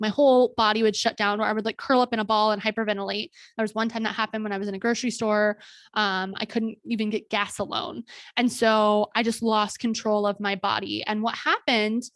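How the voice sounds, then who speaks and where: Earnest woman podcast host, halting delivery. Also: medium pitch, fairly even intonation, no room sound, clean studio sound. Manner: halting, with frequent fillers and restarts; earnest and candid. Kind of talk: personal storytelling monologue.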